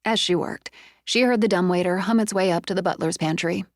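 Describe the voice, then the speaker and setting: A woman narrating a suspense audiobook in a measured, expressive way, close to a studio mic. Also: fairly low pitch, no echo. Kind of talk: scripted narration.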